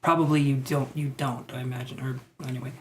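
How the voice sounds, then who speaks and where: A man giving psychic tarot readings on a live stream. He talks in a tentative, musing way, thinks out loud with many fillers, and reassures his viewers. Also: medium pitch, little pitch movement, quick pace, a little hiss or hum. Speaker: tarot reader.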